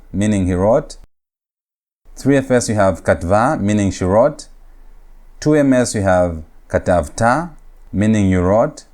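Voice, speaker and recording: A man's voice: lowish voice, a little mellow. Methodical man teaching a lecture. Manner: methodical, repeats key points slowly. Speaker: Hebrew teacher. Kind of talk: recorded classroom lecture.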